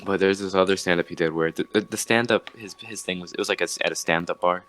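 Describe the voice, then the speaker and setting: A man's voice: deep voice, steady tone, quick pace, fairly bright tone, no room sound. A young man on a podcast, chatting casually and telling a rambling story with many restarts. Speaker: podcast host. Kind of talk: casual chat.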